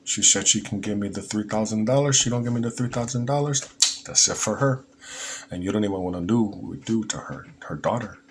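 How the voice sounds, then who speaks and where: A man voicing a threatening male gang smuggler in a mock Mexican accent, talking quickly. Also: fairly low pitch, noisy background, voice pushed up, lightly acted. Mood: menacing.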